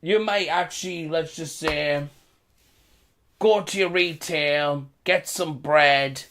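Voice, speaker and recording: A British man speaking slowly in a fairly high voice for a man. He rambles through a casual vlog commentary, repeating phrases and chuckling between remarks. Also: a bit bright. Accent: British English. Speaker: vlogger.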